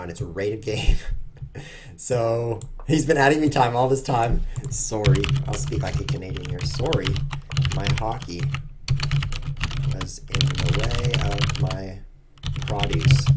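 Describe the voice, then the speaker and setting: A man's voice: fairly low pitch, background noise. A man giving rambling, self-mocking live commentary while he plays online chess at his computer. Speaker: chess streamer.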